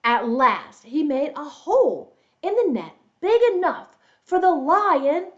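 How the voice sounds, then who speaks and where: Woman, storytelling teacher, lively pitch, dull lo-fi recording. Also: slow. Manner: animated, adds roars and squeaks for the animals; explains words and quizzes young listeners. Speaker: English teacher for kids. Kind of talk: reading a children's story aloud.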